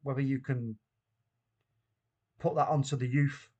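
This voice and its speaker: A man hosting a live football watchalong stream. He chats with viewers in slang and swings from loud disbelief to low, weary muttering. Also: little pitch movement, measured pace, muffled recording. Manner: chatty, greets viewers by name with slang. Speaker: host of a fan watchalong stream.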